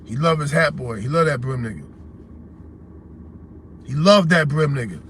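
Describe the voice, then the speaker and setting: Hosting a call-in livestream, a man with a New York accent rants bluntly and confrontationally at his audience in street slang. His voice is high for a man, bright and forceful, animated, and moves at a normal speed. A faint hiss of noise sits behind him.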